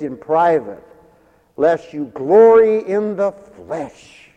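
A man's voice: high-pitched, animated, slow, creaky, big-room sound, dull audio. A man preaching a folksy sermon, laughing often between his points.

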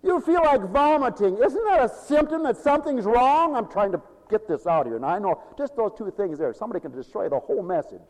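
A high-voiced man preaching with lively, sweeping pitch. He stretches out his scripture lines loudly, then drops to low, confiding murmurs. The sound carries a long reverb from a big hall. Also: fairly quick, hardly any pauses. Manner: animated preaching, swinging from loud declaiming to low murmurs, chuckling. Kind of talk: sermon.

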